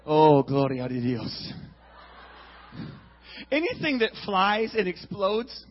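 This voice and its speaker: A man telling a comic story on stage, acting out noises and shouting with big energy in a husky voice. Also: sits high, slow, muffled recording. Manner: animated, acts out sound effects and shouts. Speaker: comedian. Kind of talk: stand-up storytelling.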